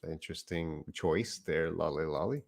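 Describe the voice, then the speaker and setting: A man's voice: a bass voice, normal speed, creaky. A man teaching a live online English lesson, explaining words patiently and reading out viewer comments.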